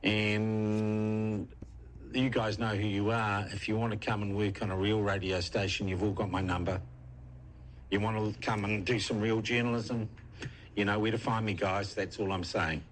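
A man with a New Zealand accent hosting talkback radio, blunt and brisk with callers. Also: lowish voice, level tone, slight background noise.

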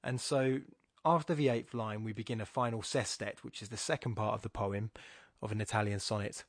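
A man's voice: on the low side, fairly even intonation, fairly quick, no room sound, clean studio sound. A man giving an informal, rambling talk that explains a sonnet, often correcting himself as he thinks aloud. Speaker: poetry podcast host. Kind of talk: informal spoken lecture on a sonnet.

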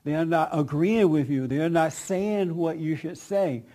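Guy preaching casually to a group, kinda high voice, emphatic, laughs a lot. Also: a little slow, warm tone. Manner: emphatic, laughs often, calls on people. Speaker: preacher leading a group discussion. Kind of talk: conversational sermon with audience questions.

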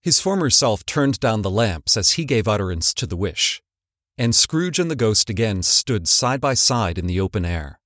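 Man narrating an expressive audiobook. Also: fairly low pitch, moderate pace, no room sound, studio quality.

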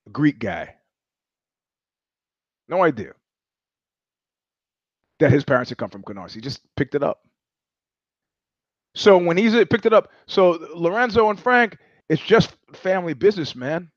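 A man's voice: on the high side, moderate pace, dry recording. A man hosting his own show, telling stories in a casual, profane monologue with many restarts and repetitions. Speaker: show host. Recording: dull lo-fi sound, dry.

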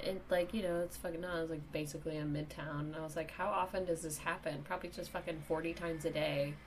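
A young woman with a New York accent telling a story on a casual podcast, animated and swearing, acting out the people in it. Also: low-pitched, quick pace, slight background noise. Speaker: comedian guest.

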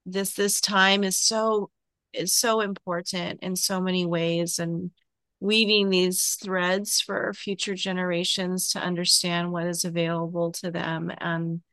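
A woman's voice: fairly low pitch, level tone, a little slow, a bit bright, no room sound. A woman hosting a spiritual podcast, talking in a gushing, emotional way as she thanks her guest. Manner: emotional, gushing, tearful at times. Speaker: podcast host. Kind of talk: casual spiritual interview chat.

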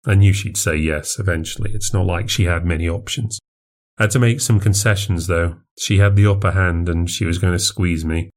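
Low-voiced man narrating a horror story. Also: fairly even intonation, brisk. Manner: confessional, plainspoken. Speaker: podcast narrator.

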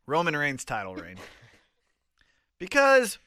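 A man with a high, bright voice chatting on a podcast. He is laid-back and teasing, and his pitch moves around a lot. The sound is dry and close. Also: wildly swooping pitch, slow pace, dry recording. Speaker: podcast co-host. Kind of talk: casual chat.

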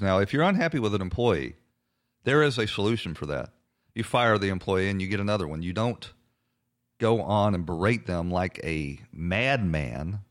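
Male talk host, very low voice, indignant, halting with fillers. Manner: indignant, hesitant with many fillers. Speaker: political talk show host. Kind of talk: conservative radio talk commentary.

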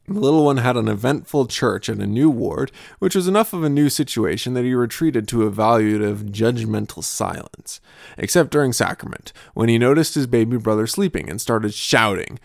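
A young adult man and podcast host telling absurd stories and family anecdotes in a dry, deadpan comic style. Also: mid-range voice, fairly quick, vocal fry, dry recording.

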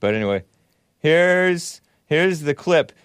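A man hosting a talk show, giving casual political commentary in a mocking tone with laughing asides and sudden jumps in pitch. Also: lively intonation, takes it slowly, clean tone, no echo, studio quality.

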